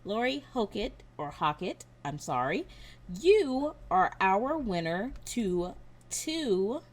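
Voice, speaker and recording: A woman hosting a craft channel, announcing giveaway winners to her viewers and reading out names and numbers slowly and carefully. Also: mid-range voice, sing-song, a little mellow.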